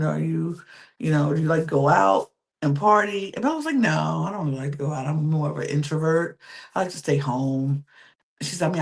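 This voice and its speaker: A woman hosting a podcast, chatting through a reality-show recap in a casual, emphatic way and acting out what the contestants said. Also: low-pitched. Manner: chatty, animated, acts out quotes in little voices; emphatic, repeats words for effect. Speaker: podcast host.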